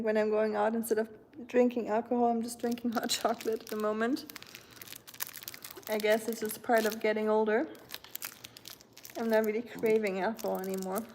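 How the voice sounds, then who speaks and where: Woman in her thirties, livestream host, casual rambling chat, mellow higher voice. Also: slight background noise. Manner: chatty, rambling, with frequent fillers. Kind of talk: casual chat reading viewer comments.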